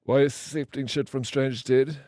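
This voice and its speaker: A man's voice: mid-range voice, fairly quick, no echo, clean studio sound. A man chatting on a live game stream, telling stories casually with slang and swearing, acting out the people in them. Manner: animated storyteller acting out quoted people.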